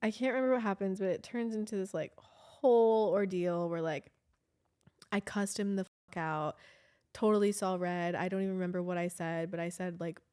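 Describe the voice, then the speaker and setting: A young woman casually telling a long story on a podcast, animated and full of "like". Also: mid-range voice, moderate pace, clean tone. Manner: chatty, animated, heavy use of "like", laughs often. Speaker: podcast co-host.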